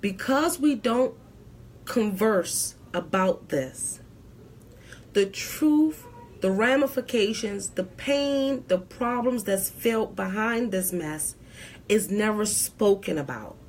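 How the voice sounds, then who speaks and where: A woman's voice: mid-range voice, expressive, takes it slowly, a little hiss or hum. A woman accountant on a live stream, giving tax advice in an emphatic, preachy way and repeating her key points.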